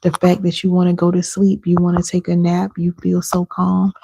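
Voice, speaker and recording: A woman working as an inner healing coach, hosting a live session and talking viewers through slow affirmations and deep breaths in a casual, direct way. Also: monotone, creaky, warm tone, breathy edge.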